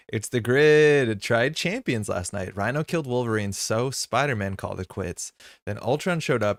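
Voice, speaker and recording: Male streamer host, fairly low voice, dry close sound, loose rambling chat with chat-reader bursts of energy. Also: creaky, dry recording. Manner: chatty and rambling, with many fillers and quick jumps in pitch when greeting chat. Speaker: streamer hosting a card game live stream. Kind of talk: casual live-stream chat, greeting viewers.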